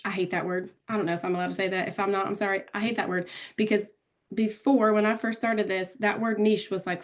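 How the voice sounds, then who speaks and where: A woman giving a casual live online training on social media, talking directly to viewers and calling them out by name. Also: mid-range voice. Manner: chatty, calls out viewers by name.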